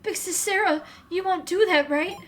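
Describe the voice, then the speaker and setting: A woman voicing a gentle, devoted young girl, reading game dialogue aloud in a sweet, coaxing way. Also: very high voice, normal speed, a little hiss or hum, voice pushed up. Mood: sweetly scheming. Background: game music.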